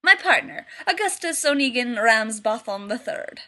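A woman reading a story and voicing an excitable young man who poses as a psychic, full of exuberant wisecracks. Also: very high-pitched, moderate pace, full character voice. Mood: giddy.

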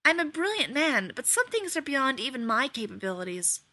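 A woman's voice: high voice, very animated, moderate pace, bright, forceful tone, no echo, voice pushed up, exaggerated voice. A woman reading the part of a sarcastic, self-important, fretful man elf in a storybook tale. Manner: exasperated, sarcastic.

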